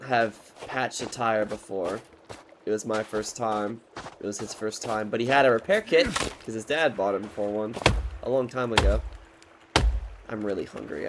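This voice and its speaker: A man's voice: lowish voice, background noise. A man in his twenties telling a rambling, profane storytime in a casual, joking way. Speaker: vlogger.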